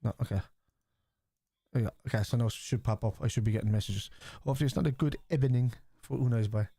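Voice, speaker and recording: A man's voice: mid-range voice, fast talker, warm tone, no echo, studio quality. A middle-aged Irish man who chats casually on a live football watchalong stream, swears, reacts to the match and answers viewers in chat. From Ireland. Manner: chatty, swears, reads out chat and reacts to play.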